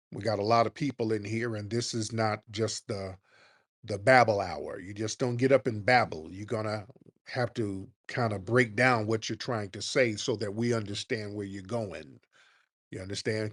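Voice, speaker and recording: A man hosting a call-in radio show, blunt and scolding, cutting callers off. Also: lowish voice. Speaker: radio host.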